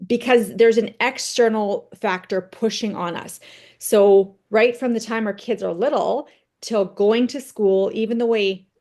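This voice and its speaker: A woman leads a team training session in a conversational, motivational style, using personal stories to make her points and checking in with "right?" Her mid-range voice is steady in tone, a little slow and a little mellow.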